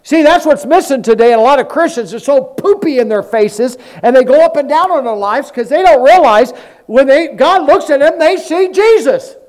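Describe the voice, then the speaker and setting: A pastor preaching an animated sermon, acting out Bible stories and calling for amens from the congregation. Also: male voice, extremely high pitch, normal speed.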